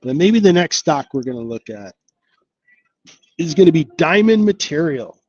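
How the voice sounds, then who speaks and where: A man's voice: on the high side, big pitch swings, moderate pace, breathy edge, dry recording, muffled recording. A man hosting an investing live stream, talking casually and upbeat, thinking aloud with lots of fillers. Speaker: investing channel host.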